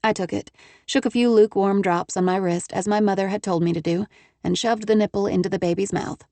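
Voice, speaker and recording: A woman narrating a first-person romance audiobook with crisp, measured storytelling. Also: medium pitch, fairly even intonation, dark tone, no echo.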